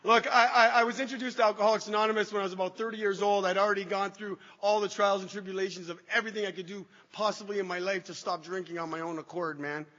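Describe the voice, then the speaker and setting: A man's voice: sits high, fairly even intonation, quick pace, hardly any pauses, a bit bright. A man giving a personal recovery testimony to an audience, self-deprecating and storytelling with frequent restarts. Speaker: recovery speaker sharing his story. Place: hall with a live audience. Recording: echoey hall, dull lo-fi sound.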